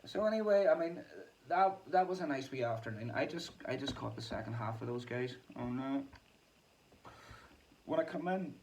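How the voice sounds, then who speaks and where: A man's voice: mid-range voice, expressive, normal speed, darkish tone, far from the mic, a little hiss or hum, low-quality recording. A man, a musician hosting his own vlog, chatting in a loose, self-deprecating way and laughing often. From Ireland. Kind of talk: casual rambling monologue.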